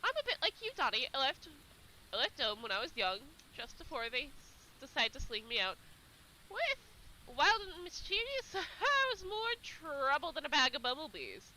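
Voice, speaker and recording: A woman's voice: high voice, very animated, normal speed, pushed and bright, a little hiss or hum, exaggerated voice, poor audio. A woman doing a roguish folksy male otter. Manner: folksy slang. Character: friendly roguish male otter, a rough loner.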